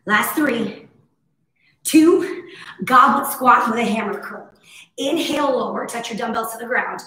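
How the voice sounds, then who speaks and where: A woman fitness instructor with a hoarse, husky voice, cueing breaths and moves in a casual, encouraging live workout class. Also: fairly high pitch, unhurried, sharp tone. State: hoarse from overuse. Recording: very echoey room.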